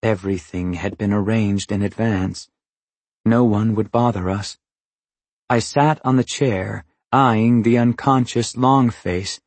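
A man reading a novel aloud as narrator, in a measured, even storytelling manner. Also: fairly low pitch, husky, no room sound. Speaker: audiobook narrator. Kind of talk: scripted narration.

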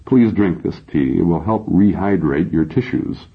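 A man voicing a gentle, formal stranger offering help politely, in a dull lo-fi recording. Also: deep voice, animated, a little slow, gravelly, slightly rough, full character voice.

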